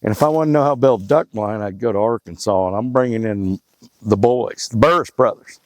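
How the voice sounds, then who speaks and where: A man's voice: on the low side, fairly quick, darkish tone, dry recording, low-quality recording. A middle-aged man talking casually outdoors in the woods, folksy and joking, rambling between stories about his hunting club. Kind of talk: casual outdoor vlog talk.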